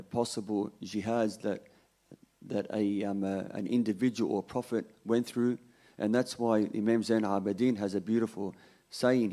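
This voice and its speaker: A man's voice: on the low side, mellow. A man giving a conversational Ramadan sermon, telling a story and often restarting his sentences. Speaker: religious lecturer.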